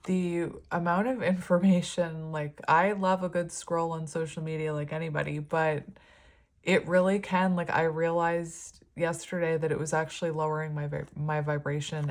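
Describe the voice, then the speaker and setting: A woman giving a casual tarot reading, talking in a rambling, filler-heavy way and easily moved. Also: sits low. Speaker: tarot reader.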